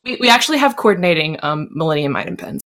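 A woman's voice: deep voice, big pitch swings, quick pace, a bit bright. A woman co-hosting a podcast in casual chat, talking in a blunt, teasing way with plenty of swearing. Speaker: podcast co-host.

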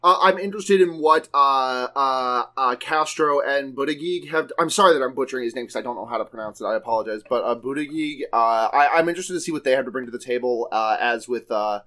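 A man's voice: medium pitch, fast, hardly any pauses, pushed and bright. A young man co-hosting a podcast in casual chat, rambling and swearing with plenty of filler words. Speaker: podcast co-host.

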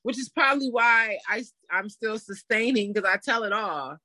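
Bright, lively woman telling a story. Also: on the high side, normal speed, dry recording. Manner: animated, acts out quotes with laughs. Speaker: interview guest. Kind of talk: casual storytelling.

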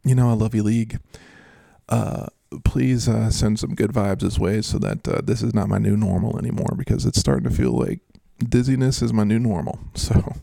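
Gravelly, laid-back man hosting a podcast. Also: lowish voice, steady tone, normal speed, dark tone, no echo. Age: adult, works as a schoolteacher. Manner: jokey and rambling, with frequent laughs. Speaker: fantasy football podcast host. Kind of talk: casual chat.

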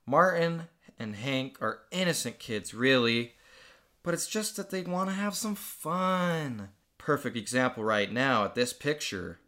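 A man's voice: medium pitch, lively intonation, unhurried, sharp tone. A young man reading aloud his own childhood comic book in casual chat, amused and laughing often.

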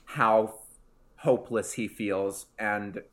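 A man co-hosting a casual chat, retelling a TV episode with animated asides and acting out lines. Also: fairly low pitch, slow. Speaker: podcast co-host.

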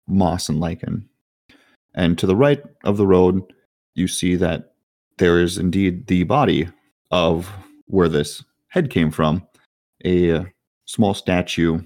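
A man narrating a tabletop game as game master, describing scenes with many fillers and pauses. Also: low voice, darkish tone.

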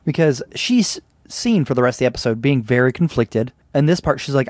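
A man's voice: medium pitch, expressive, a little mellow, no room sound. A man co-hosting a casual podcast, joking and retelling scenes while acting out quoted lines. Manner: joking, acts out quotes in quick voices. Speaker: podcast co-host. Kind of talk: casual chat.

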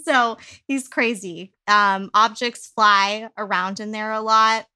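A woman co-hosting a podcast who tells her story in loose, chatty casual talk. Her voice is bright and forward, with a giggly ease and plenty of fillers. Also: medium pitch, steady tone, slow, smooth. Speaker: podcast co-host. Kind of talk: casual chat.

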